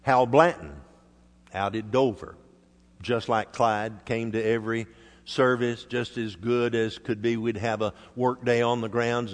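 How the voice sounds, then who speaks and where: An older man preaching a sermon, measured and emphatic, sometimes dropping soft. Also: lowish voice. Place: church hall. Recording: reverberant hall.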